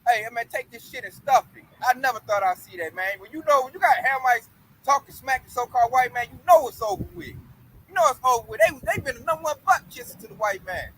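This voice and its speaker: High-voiced man teaching scripture. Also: animated, fast, slightly rough, poor audio. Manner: loud reading of verses, then slangy joking asides with put-on voices. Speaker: bible study teacher. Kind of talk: informal scripture study and commentary.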